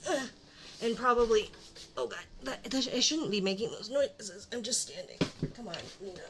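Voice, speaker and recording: A young woman with a fairly high voice talks at a normal pace while she sets up a casual live stream at her home desk. She rambles and mutters self-mocking remarks to herself as she gets things ready.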